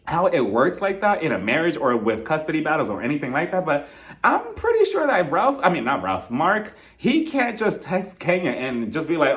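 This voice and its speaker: Brief: a sassy male recap reviewer with a fairly high voice, chatty and quick to laugh. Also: very animated, fairly bright tone. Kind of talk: casual recap commentary.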